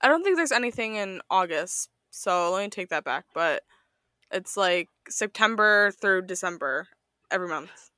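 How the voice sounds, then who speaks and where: A woman co-hosting a casual podcast, with a bright, forward tone and a relaxed, chatty manner. Her voice is close and dry, with no room sound around it. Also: mid-range voice, normal speed, no echo. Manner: relaxed, chatty, laughs often. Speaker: podcast co-host. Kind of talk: casual chat review.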